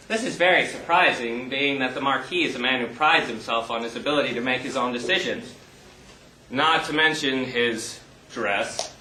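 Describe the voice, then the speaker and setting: An actor in an amateur stage play playing a bored, clever analyst who talks in a mock-formal way and grows smug and scheming. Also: male voice, medium pitch, bright, forceful tone, distant mic, a little hiss or hum, natural voice. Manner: mock-formal, musing aloud, gleeful when plotting. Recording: echoey hall.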